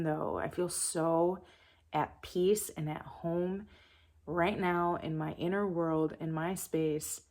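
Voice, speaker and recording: Spiritual reader: woman, slow and meditative, low voice with a gravelly edge. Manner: calm, soft-spoken and meditative. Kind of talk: channeled spiritual message.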